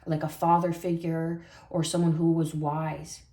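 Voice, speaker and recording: A woman giving a spiritual tarot reading in a soft, reflective way, often repeating phrases for emphasis. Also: deep voice, level tone, measured pace, echoey room. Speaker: tarot reader.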